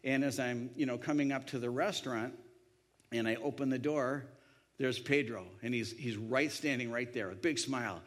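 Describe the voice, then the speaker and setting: A man tells a personal story in a rambling, conversational way. He restarts often and voices the people he quotes. His pitch sits in the middle range. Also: moderate pace. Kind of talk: anecdotal storytelling.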